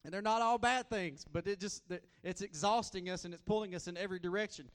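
High-pitched preacher guy, folksy, repeats himself a lot, loud then quiet. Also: fast, big-room sound. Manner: folksy and repetitive, drifts from loud to soft. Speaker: guest preacher. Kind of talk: sermon.

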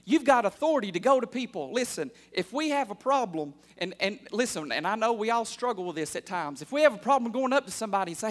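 A man in his thirties preaching a sermon as pastor, calling out for amens and building from quiet asides to fervent shouts. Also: sits high, animated, fast, few pauses. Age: 30s. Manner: call-and-response preaching, building to loud fervor.

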